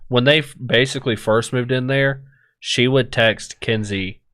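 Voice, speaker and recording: A man's voice: mid-range voice, steady tone, measured pace, a bit bright, dry recording, studio quality. A man co-hosting a podcast, telling crude stories in casual chat with heavy swearing. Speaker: podcast co-host.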